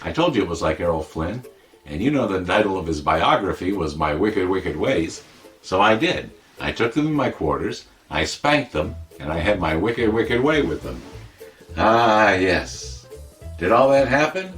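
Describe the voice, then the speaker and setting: A man playing a boastful, wisecracking older comic who tells tall tales in a deadpan, rambling way. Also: deep voice, measured pace, faint music behind, heavily acted. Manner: deadpan, rambling, self-contradicting. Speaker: comic editorial presenter. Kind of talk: comedic monologue.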